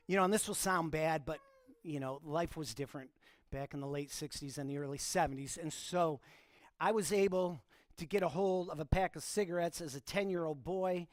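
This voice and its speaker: A man in his fifties preaches in a loose, conversational way, poking fun at himself and talking straight to the congregation. His voice sits a little higher than most men's. The sound is close and dry, with hardly any room around it. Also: dry recording. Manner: informal, self-deprecating, talks straight to the congregation. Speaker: pastor. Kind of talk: conversational sermon storytelling. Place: church.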